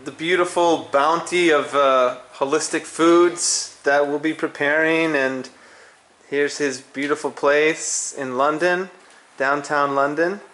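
A man's voice: on the high side, steady tone, slow, fairly bright tone. A man from Texas hosting a casual travel vlog, encouraging his friends to talk to the camera. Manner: encouraging, asks others to speak. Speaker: vlogger.

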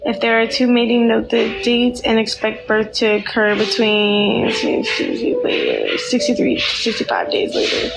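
A woman's voice: on the high side, big pitch swings, takes it slowly, gravelly, few pauses, over music. Chatty woman on a phone livestream. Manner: chatty, talks to viewers and coos at her pregnant dog. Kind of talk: casual livestream chat. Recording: echoey room with loud background noise.

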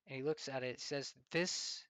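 Deliberate man in dry-sounding commentary. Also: medium pitch, steady tone, fairly bright tone, no echo, rough recording. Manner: deliberate, rhetorical questions. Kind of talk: storytelling commentary.

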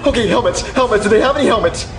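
A man's voice: sits high, animated, very fast, music in the background. A man playing a panicky, bumbling dad who stammers frantically in a comedy puppet skit. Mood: frantic.

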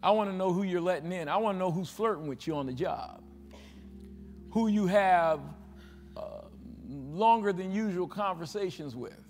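A male pastor preaching a sermon to his congregation, with call-and-response questions, rising to loud exhortation and dropping to hushed asides. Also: a little high, vocal fry. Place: church sanctuary with a congregation. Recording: livestream with long hall reverb.

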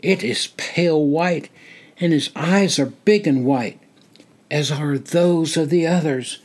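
An older man reading his own memoir aloud in a slow, deliberate storytelling manner. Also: fairly high pitch, darkish tone. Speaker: memoir narrator. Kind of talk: reading a personal war memoir.

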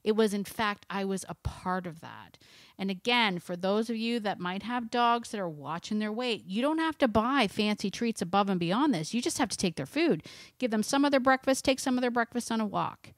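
A woman's voice: medium pitch, expressive, moderate pace, no echo, clean studio sound. A woman dog trainer giving casual, chatty training tips, often laughing as she talks. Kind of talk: casual instructional talk.

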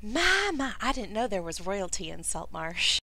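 A woman's voice: mid-range voice, very animated, measured pace, pushed and bright, dry recording, full character voice. A woman voicing a fussy, genteel lizardfolk host who talks in old-fashioned turns of phrase.

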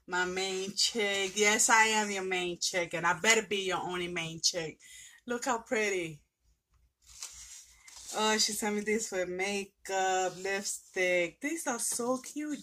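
This mid-range female voice belongs to a vlogger opening a craft parcel from a friend, gushing and exclaiming as she talks to the friend in a relaxed unboxing chat. Slight background noise can be heard.

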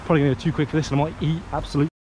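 A young man with a British accent, chatting excitedly as he vlogs at outdoor dirt jumps. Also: a little high, very fast. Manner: excitable, chatty, exclaiming often. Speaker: vlogger. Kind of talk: casual vlog chat. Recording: outdoor noise, nearby traffic.

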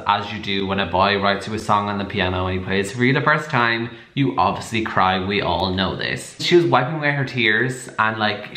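A sarcastic, chatty man talks through his reading vlog with a bright, forceful voice that sits a little low. He laughs often. The sound is roomy and echoey. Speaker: book vlogger.

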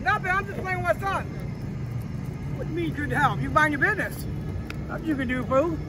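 A man's voice: very high-pitched, brisk, heavy background noise. A man playing a cranky, out-of-breath mother in a wheelchair with a prosthetic leg, scolding and sassy in an improvised comedy sketch recorded on a phone. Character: cranky middle-aged mom, wheelchair user with prosthetic leg. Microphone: phone camera held by son.

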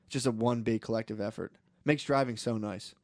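A man's voice: lowish voice, brisk, darkish tone, no echo, studio quality. A young man co-hosting a podcast, telling stories in rambling casual chat, swearing often and slipping into voices for the people in them. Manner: rambling storyteller, swears a lot, acts out voices in a story. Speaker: podcast co-host.

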